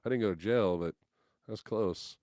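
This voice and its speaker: A fairly low-voiced man, speaking at an ordinary pace in a clean studio recording with no echo. He's a guest musician on a podcast, swapping stories in relaxed conversation and loudly, animatedly acting out the people he quotes.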